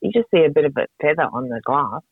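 A woman joining a podcast over a call, telling stories in an animated, casual way over tinny call audio. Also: low-pitched, fast talker, breathy edge, no room sound. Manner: animated storyteller. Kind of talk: casual chat. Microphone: phone or video call.

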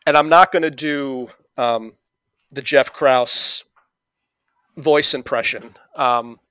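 A middle-aged man with a New England accent tells stories in relaxed conversation, stopping often on fillers and restarts. His voice sits at an everyday pitch and sounds dry and close to the mic. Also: slow pace, clean tone, no room sound. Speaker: interview guest. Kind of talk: conversational reminiscing.

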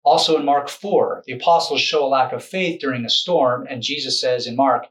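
A man's voice: mid-range voice, normal speed, fairly bright tone, rough recording. Man giving a casual, self-correcting talk. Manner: loose, self-correcting, conversational. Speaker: video lecturer and author. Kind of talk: casual explanatory lecture.

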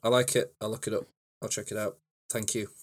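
A man co-hosting a podcast in casual chat, relaxed and rambling as he talks. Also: fairly low pitch, a little fast, breathy edge. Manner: relaxed, rambling, many fillers and restarts. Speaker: podcast co-host.

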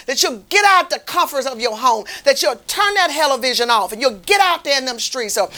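A woman's voice: sits high, fairly bright tone. A woman delivering a fervent, repetitive street-preaching sermon as a lay minister.

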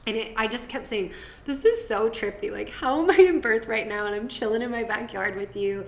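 A woman's voice: fairly high pitch, brisk. A young woman telling her birth story as a podcast guest, chatty and laughing, drifting into tangents. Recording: roomy echo.

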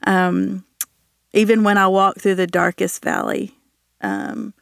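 A woman guest on a Bible study podcast, talking earnestly with many pauses and fillers, and reading a psalm aloud. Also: medium pitch, very animated, vocal fry, fairly bright tone, clean tone, dry recording, studio quality. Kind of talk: reflective Bible study chat.

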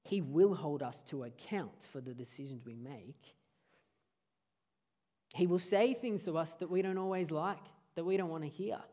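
A man preaching a sermon, earnest, often dropping his voice low for emphasis. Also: moderate pace, warm tone.

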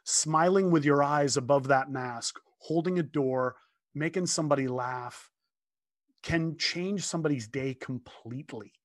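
A man in his fifties, a guest telling a heartfelt story in casual conversation from his home office, earnest and animated, often restarting his sentences. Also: fairly high pitch, unhurried, dry recording, clean studio sound.

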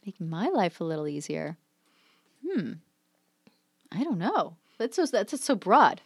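A woman in her forties telling stories in a casual chat as a podcast guest, animated and acting out quotes with frequent laughter. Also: on the low side, unhurried, gravelly, slightly rough, no echo. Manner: animated storyteller, acts out quotes, laughs often.

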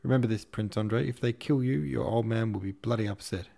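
Man voicing a growling old prince, brusque, gravelly, deep. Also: warm tone. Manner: brusque, quick, barking. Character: gruff, irascible old male prince.

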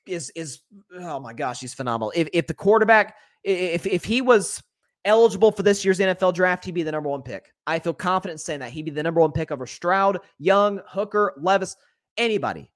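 High-sitting and lively in intonation, this man's voice carries a solo sports talk podcast. Candid and full of opinions, he speaks directly to listeners as folks, chatting along and quickly correcting himself. It's a dry, studio-quality recording.

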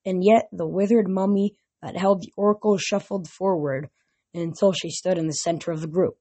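A woman narrating a novel aloud in a plain, steady reading voice. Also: on the low side, moderate pace.

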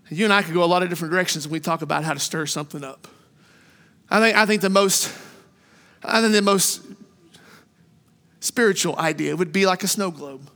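A middle-aged man preaches a sermon in a notably high, bright voice. He tells stories with animation and circles back on his own phrases. His words carry a long reverb from a large church hall. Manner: animated storytelling, repeats phrases. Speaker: pastor. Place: church sanctuary.

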